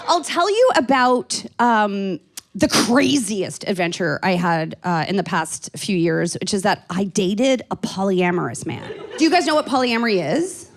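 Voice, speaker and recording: A woman's voice: a little high, expressive, moderate pace. A woman in her forties from Canada doing stand-up comedy into a handheld stage microphone, chatty and rambling with dry self-mocking asides. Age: 40s.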